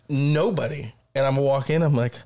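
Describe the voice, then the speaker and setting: A man's voice: mid-range voice, unhurried. A man co-hosting a podcast, telling casual stories full of swearing and acting out both sides of each exchange. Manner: animated, swears constantly, acts out exchanges. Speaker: podcast co-host. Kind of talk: casual profane storytelling.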